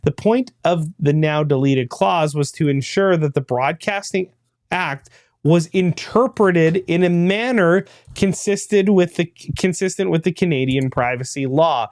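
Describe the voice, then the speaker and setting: A man's voice: fairly high pitch, measured pace, darkish tone, dry recording. A man hosting a podcast, reading a news article aloud and breaking off for dry, laughing asides. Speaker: podcast host.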